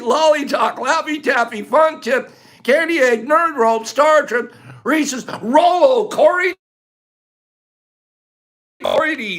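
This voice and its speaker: An older man with a strikingly high voice hosts a live stream, reading out viewers' answers in a quick, excitable stream. His pitch swings widely as he laughs and exclaims. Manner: excitable, laughs often, rattles off lists. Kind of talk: lively live-stream chat.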